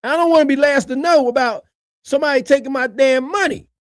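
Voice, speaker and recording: A man giving animated reaction commentary on a video, colloquial, swinging from low mutters to loud high shouts. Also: brisk, dry recording.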